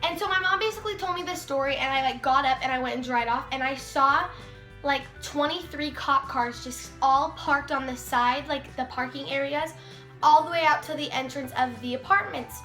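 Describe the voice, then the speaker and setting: The girl's voice is high, pushed and bright, held at a moderate pace as she vlogs a story. It's chatty, heavy on "like," with quotes acted out, a casual storytime feel. The room echoes, and faint music is audible.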